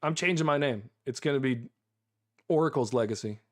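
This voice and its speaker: An American man streaming a game live, excitable and chatty, repeating himself and laughing often. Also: mid-range voice, fairly quick.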